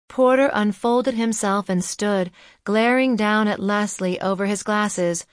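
A female audiobook narrator tells a novel's story in a calm, even, measured way, following a script. Her pitch sits in the middle, and the studio sound is clean with no echo.

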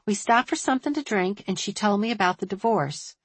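A woman voicing a shrewd, observant small-town woman who talks briskly and thoughtfully. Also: mid-range voice, animated, breathy edge, no room sound. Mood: confiding.

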